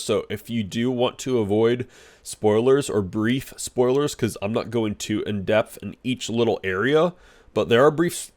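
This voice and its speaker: Excitable rambling man reviewing a movie. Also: medium pitch. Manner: excitable and rambling, with frequent restarts and fillers. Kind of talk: casual spoken review.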